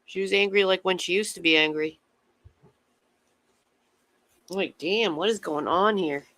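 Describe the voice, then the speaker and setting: A man's voice: sits high, fairly quick, pushed and bright, no room sound. A man chatting casually with viewers on his livestream, rambling from topic to topic and swearing freely.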